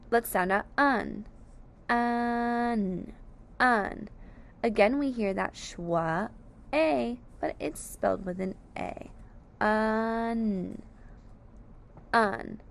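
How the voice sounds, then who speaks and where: A woman's voice: medium pitch, expressive, slow pace, vocal fry. A woman teaching a phonics lesson, sounding out each word syllable by syllable with careful, over-enunciated speech. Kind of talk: slow, deliberate phonics lesson.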